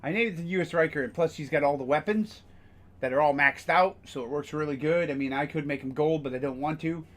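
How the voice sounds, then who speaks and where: A man's voice: on the high side, fast. A man casually streaming a game, rambling with frequent fillers and the odd curse. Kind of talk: casual gameplay commentary.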